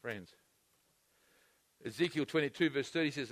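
A man preaching an impassioned sermon, surging loud at times and calling the congregation to repeat after him. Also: a little high, fairly even intonation, normal speed, no echo.

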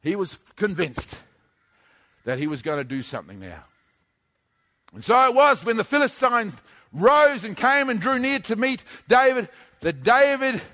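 Fiery preacher man, really high pitched, bright forceful voice, keeps repeating stuff. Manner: emphatic, repetitive, often shouting. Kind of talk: sermon.

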